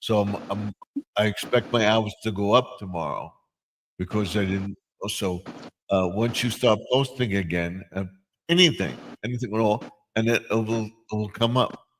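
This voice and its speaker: An older man with a low voice hosts a casual live stream. He rambles, restarting sentences and filling pauses as he goes. A faint hiss sits under his voice. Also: low-quality recording. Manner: rambling, with many restarts and fillers. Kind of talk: casual chat.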